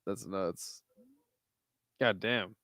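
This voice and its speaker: A man's voice: deep voice, extremely slow, fairly bright tone, no room sound, clean studio sound. Tired man calling fights casually. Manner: laid-back, swears freely, drifts between play-calling and chat. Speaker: streamer hosting a watch-along. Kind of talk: casual live commentary.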